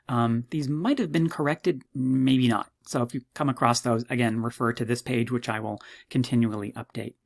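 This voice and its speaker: A man teaches a university psychology course in a recorded walkthrough. He talks fast and casually, with self-mocking jokes. His pitch jumps when something amuses him. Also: creaky. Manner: chatty, self-mocking, jokey asides; quick, animated delivery with sudden pitch jumps.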